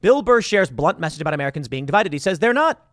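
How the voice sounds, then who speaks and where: Animated, argumentative male commentator. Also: on the high side, fast, no echo, clean studio sound. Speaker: host. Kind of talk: political commentary.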